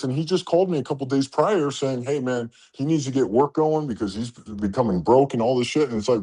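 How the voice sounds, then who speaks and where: A man's voice: medium pitch, brisk, few pauses, dark tone, slightly rough. A man coaching truckers in a blunt, profane motivational talk, acting out quoted exchanges as he goes. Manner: blunt, swears a lot, acts out quoted exchanges.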